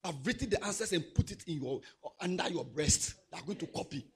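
A man preaching a sermon to young people. He swings from soft asides to loud exhortation. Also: on the high side, animated, fairly quick, breathy edge.

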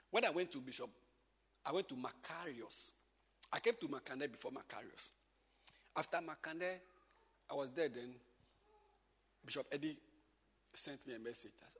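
A pastor with a high, husky voice that leaps up and down as he teaches. He jumps from loud exclamations to quiet asides. The sound rings with a long echo, as if in a large hall. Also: lively intonation, moderate pace, pauses often. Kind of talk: informal church teaching.

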